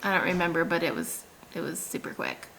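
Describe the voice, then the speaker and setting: A woman's voice: fairly low pitch, big pitch swings, a little fast, creaky, a bit bright, a little hiss or hum. A woman in her thirties, a vlogger, telling a story in a chatty, casual way with lots of fillers and laughs.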